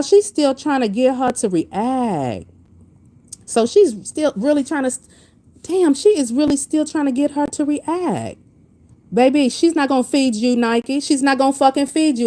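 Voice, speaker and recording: A woman hosting a casual commentary stream, blunt and profane, reacting to viewers' comments as she talks. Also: high-pitched. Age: adult with a master's degree. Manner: blunt, profane, animated, reads chat comments aloud. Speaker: commentary channel host.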